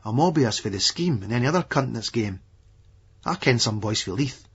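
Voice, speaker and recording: A man's voice: mid-range voice, animated, moderate pace, a bit bright, slightly rough, heavily acted. A man voicing a menacing, unhinged Edinburgh hard man in an audiobook, sneering and coarse in his taunts. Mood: taunting. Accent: Scottish, Edinburgh. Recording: dull lo-fi audiobook recording.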